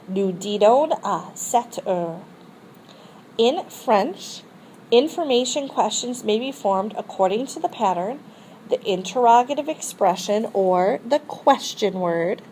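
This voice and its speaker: A woman teacher explains a French grammar lesson step by step in a recorded classroom lesson, modeling phrases for students to repeat. Her voice is medium-pitched, expressive, slow, and a little mellow. The low-quality recording has a little hiss or hum.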